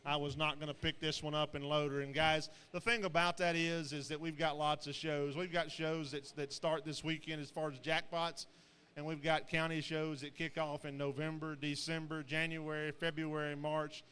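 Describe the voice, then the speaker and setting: A man's voice: fairly high pitch, level tone, moderate pace, sharp tone, clear, resonant tone. A man doing rambling, folksy live commentary at a show pig sale, full of fillers and restarts. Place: livestock sale barn. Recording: long echo of a large hall.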